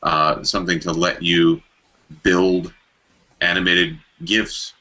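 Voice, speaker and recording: A man's voice: sits low, little pitch movement, slow pace, sharp tone. A man co-hosting a podcast, chatting casually about tech with dry jokes. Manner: dry joking, matter-of-fact. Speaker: podcast co-host.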